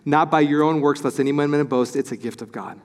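A male pastor preaching a sermon in an animated, excited way, acting out the voices he quotes. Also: fairly high pitch, fast talker, big-room sound.

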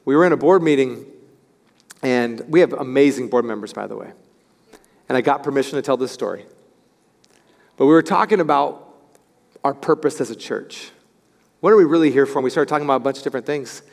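A man preaching a sermon as pastor, animated, swinging from loud to hushed. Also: mid-range voice, brisk, creaky, pauses often. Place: church sanctuary. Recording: echoey hall with music.

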